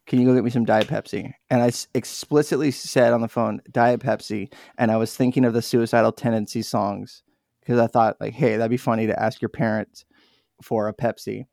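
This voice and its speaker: A man's voice: medium pitch, steady tone, a little fast, vocal fry, a little mellow, no room sound, clean studio sound. A young man hosting a casual podcast, rambling through stories and laughing often. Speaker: podcast host.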